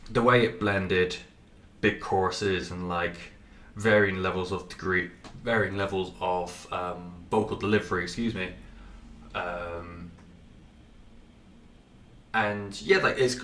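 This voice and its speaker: A man's voice: fairly low pitch, fairly bright tone, roomy sound, distant mic. Rambling, sweary man with a runny nose. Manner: rambling, sweary, many fillers and restarts. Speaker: podcast host reviewing music. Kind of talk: casual music review monologue.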